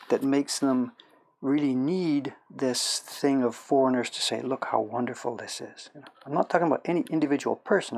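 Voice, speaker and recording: A middle-aged man from Canada who talks in a gravelly, slightly husky voice. He chats casually with his stream audience while he works, telling long stories, circling back and correcting himself mid-sentence. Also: medium pitch. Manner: rambling, self-correcting storyteller. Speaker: livestream host, woodblock printmaker. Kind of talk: casual chat while working.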